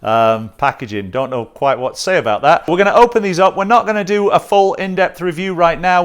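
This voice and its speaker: Upbeat chatty man, slightly high voice. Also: clean tone. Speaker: host of a watch channel. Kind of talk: casual unboxing vlog.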